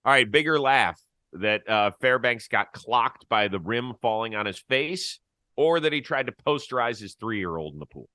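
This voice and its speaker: A man's voice: mid-range voice, lively intonation, normal speed, pushed and bright, no echo. A man hosting a sports talk show, chatting in a wry, easygoing way and laughing easily. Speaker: host.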